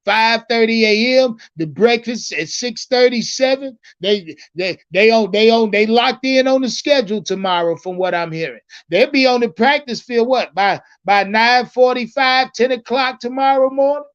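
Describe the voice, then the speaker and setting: A man's voice: extremely high pitch, moderate pace, hardly any pauses, fairly bright tone, smooth, muffled recording. A man casually chatting with his livestream viewers about football, profane and rambling, repeating himself and calling out the chat. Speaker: livestream sports commentator.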